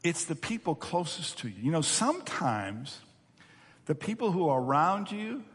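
Man, pastor's sermon, lively swooping pitch, echo of a big hall. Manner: animated, acts out the story's voices.

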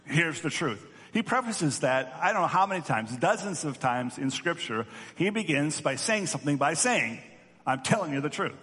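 A man's voice: on the high side, sing-song, moderate pace, sharp tone. A male pastor giving an earnest teaching sermon, often repeating words as he restarts. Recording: long hall reverb.

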